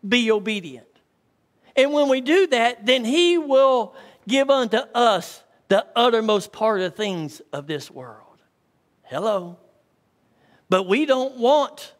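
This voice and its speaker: This pastor's voice sits at an extremely high pitch and sounds a bit bright. He tells folksy stories in his sermon and calls out to the congregation, with the church hall giving a long reverb.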